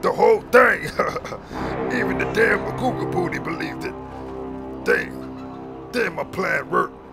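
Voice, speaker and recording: A man's voice: high voice, a little slow, creaky, long pauses, loud music behind the voice. A man playing a scheming gang leader who smugly brags about his tricks in a homemade comedy skit. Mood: gloating. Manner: smug, boastful.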